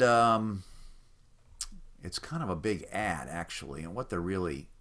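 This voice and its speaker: A man walking through websites in an unscripted screen-recorded demo, explaining in a mildly skeptical tone and filling pauses with "uh". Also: low voice, a bit bright. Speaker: website presenter for a rhyming site. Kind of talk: casual screen-recorded walkthrough.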